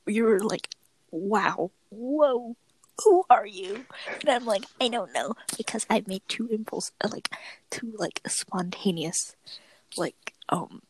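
A woman's voice: mid-range voice, expressive, unhurried, slight background noise, rough recording. A young woman co-hosting a podcast in casual chat, rambling with lots of fillers and giggles. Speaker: podcast co-host.

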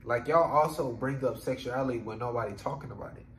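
A man's voice: medium pitch, fast. A man rambles through a solo podcast monologue. His talk is loose and profane, full of "you know what I'm saying". The room is echoey and a faint hum sits underneath. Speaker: podcast host.

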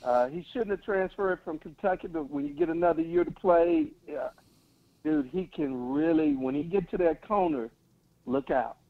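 A man's voice: fairly high pitch, big pitch swings, normal speed, creaky. A man calling in to a sports talk show, giving blunt, confident opinions in casual chat over a phone line. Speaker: caller.

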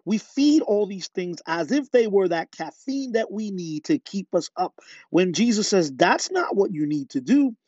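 A man's voice: high-pitched, animated, measured pace, darkish tone, slightly rough, dry recording. A man preaching a podcast sermon with fervor, often putting questions to his listeners. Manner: fervent, asks listeners rhetorical questions. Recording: dull lo-fi dry sound.

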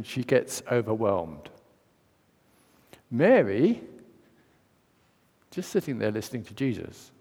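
A man's voice: mid-range voice, a little mellow. A man giving a conversational sermon, asking questions and acting out the story. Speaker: preacher. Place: church. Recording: long church reverb.

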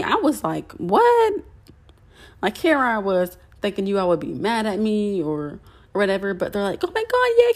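A young woman hosting a podcast, telling a personal story in a chatty way with many fillers and restarts. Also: fairly low pitch. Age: young adult. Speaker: podcast host.

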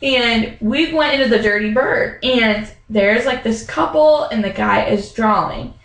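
Young woman, animated storyteller, slightly high, gravelly fry, roomy sound. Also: measured pace. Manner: animated storytelling, acts out quoted voices; many fillers like "like" and "um". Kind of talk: casual chat.

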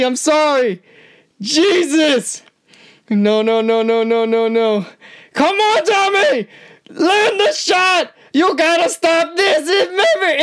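A woman with a high-pitched voice gives casual, amateur live commentary on a boxing match. She is excitable and slangy, and talks right to the fighters as she reacts. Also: slow. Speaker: channel host, amateur commentator.

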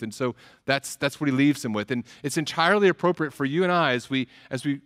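A man's voice: mid-range voice, fast, hardly any pauses, a bit bright. A man preaching a sermon as a pastor, earnest, often repeating words as he starts phrases.

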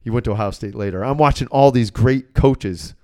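A middle-aged man telling a story on his podcast, casual and foul-mouthed. His voice sits at an ordinary pitch for a man. He jumps between wry mutters and loud, animated rants. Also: brisk. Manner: profane, animated, self-deprecating. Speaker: podcast host.

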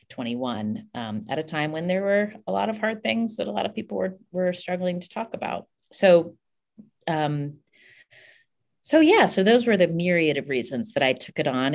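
A woman from West Virginia with a faint West Virginia accent, chatting casually as a podcast guest, with many "like" and "um" fillers. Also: low voice. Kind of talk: casual interview chat.

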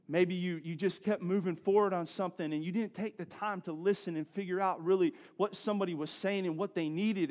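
A man, preaching a sermon in a conversational, animated storytelling way with asides to the congregation. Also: on the high side. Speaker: pastor.

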